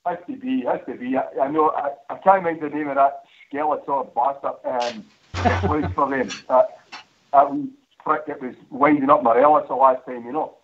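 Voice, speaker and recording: A man's voice: medium pitch, expressive, moderate pace, vocal fry, a little hiss or hum. Man, caller, blunt and plain-spoken, muffled phone-in sound. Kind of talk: casual phone-in chat. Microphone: phone line.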